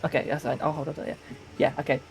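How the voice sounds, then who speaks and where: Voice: mid-range voice, level tone, racing, vocal fry, soft background music, rough recording. A player in a tabletop game, hesitant and full of fillers while describing an action.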